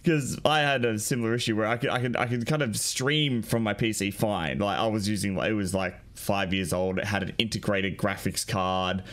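A man's voice: on the low side, fairly quick, hardly any pauses, fairly bright tone. A man in casual chat, rambling and swearing casually, mocking himself with a laugh.

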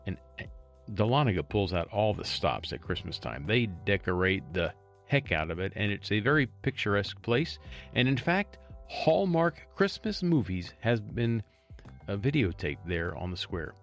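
A man's voice: fairly low pitch, big pitch swings, normal speed, faint music behind. A man reading a local news story aloud and adding chatty, wry asides as a storytelling host.

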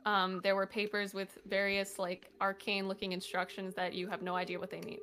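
A woman's voice: mid-range voice, completely flat delivery, brisk, a bit bright, slight background noise. A woman narrating a tabletop game as game master, casual with many fillers and frequent laughter.

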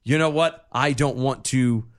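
A man's voice: mid-range voice, measured pace, background noise. A man co-hosting a casual podcast, earnest and emphatic, often repeating words as he builds his point. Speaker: podcast co-host. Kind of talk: casual chat.

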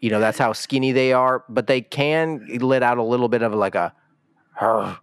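A man's voice: mid-range voice, normal speed, clear, resonant tone, dry recording, natural voice. A man playing an apologetic store clerk in an improvised comedy bit. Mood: folksy.

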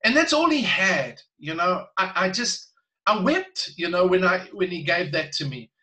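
Guy minister telling stories in an interview, kinda high voice, bright and sharp, earnest, chuckles a lot. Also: moderate pace, low-quality recording. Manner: earnest and animated, laughs between phrases. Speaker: Christian minister and guest speaker. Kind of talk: conversational storytelling in an interview.

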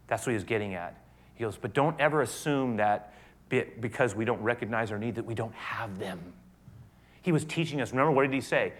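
A man preaching a sermon, shifting between loud emphasis and quiet, hushed passages, often repeating words as he goes. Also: medium pitch. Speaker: pastor.

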